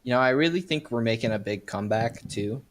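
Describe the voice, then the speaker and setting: A man on an esports team, excitedly bragging about his plays in casual banter. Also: medium pitch, slight background noise. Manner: excitable, boastful, quick to laugh. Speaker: esports player being interviewed.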